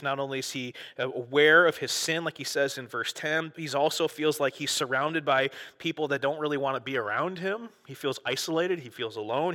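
A man preaching a sermon in a casual, conversational way, acting out quoted prayers with a rising, excited voice. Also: on the high side, in a large hall. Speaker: pastor.

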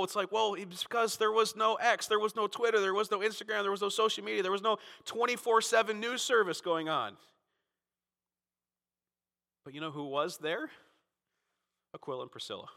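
A man from Florida preaching a Sunday sermon as pastor, emphatic and fervent, swinging between loud peaks and quiet asides. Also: vocal fry, big-room sound. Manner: emphatic, rising to fervent peaks then dropping low.

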